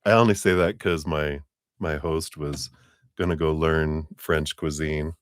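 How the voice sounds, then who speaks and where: A man with a deep, low-set voice gives a live tarot reading in unhurried, drawn-out phrases. He rambles casually, leaning on "you know" fillers and soft chuckles. The sound is dry and close, with no room around it. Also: steady tone, clear, resonant tone, no echo. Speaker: tarot reader hosting a live stream.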